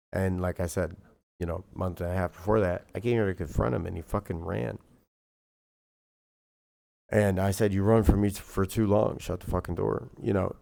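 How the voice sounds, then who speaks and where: Gravelly deep-voiced man ranting. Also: a little mellow. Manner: heated, profane, rambling with many fillers. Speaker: streamer. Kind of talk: casual rant to camera.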